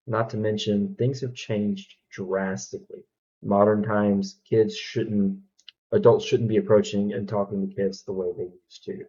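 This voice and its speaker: A man's voice: lowish voice, warm tone, breathy edge, highs cut off. A man from Alabama with a Southern accent, hosting a reaction video in an easygoing, thoughtful way with frequent fillers. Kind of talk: casual reaction commentary.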